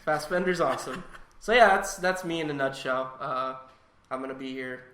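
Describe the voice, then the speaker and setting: A man's voice: mid-range voice, moderate pace, a bit bright, reverberant. A man co-hosting a casual film podcast, joking and swearing as he talks. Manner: joking, swears, laughs often. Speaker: podcast co-host. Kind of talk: casual chat.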